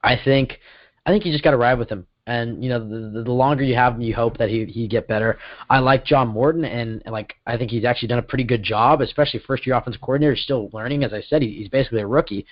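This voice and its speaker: A man's voice: medium pitch, dry recording. Rambling man in casual sports chat. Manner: rambling, self-correcting, quick bursts. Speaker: podcast co-host. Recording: dull lo-fi sound.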